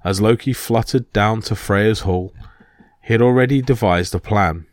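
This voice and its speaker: Low-voiced male myth storyteller. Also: normal speed, dry recording, clean studio sound. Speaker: narrator. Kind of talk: storybook narration of myths.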